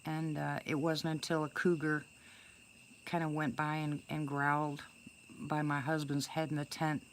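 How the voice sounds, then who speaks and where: A woman's voice: low-pitched, level tone, unhurried, slight background noise. An older woman casually telling a first-person story to her viewers, chatty and rambling, with many restarts and fillers. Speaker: storyteller greeting live viewers.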